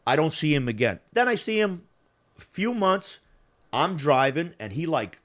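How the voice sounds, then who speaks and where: This podcast host, a man with a fairly high voice, tells his story unhurriedly in casual, profane chat. He gets animated and acts out what the people in the story said.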